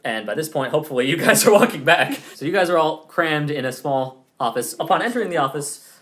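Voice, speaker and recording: Lively, high-voiced male game master. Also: fast talker. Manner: loose, chatty, laughing asides. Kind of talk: narrating a tabletop game.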